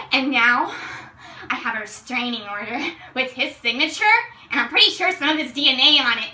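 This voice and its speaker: A young woman with a high, very bright, sharp voice tells a comic tale in character. She is theatrical and excitable and stretches out her big moments with slow pauses. She is recorded from a distance in a roomy, echoey space. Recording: roomy sound from a distant mic.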